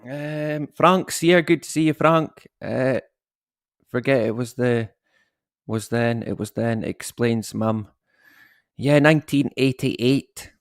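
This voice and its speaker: With a slow pace and mid-range voice, this home-based livestream host in his thirties greets his viewers and chats loosely. He jokes at his own expense, swears casually, and laughs often, in a dry, studio-quality recording.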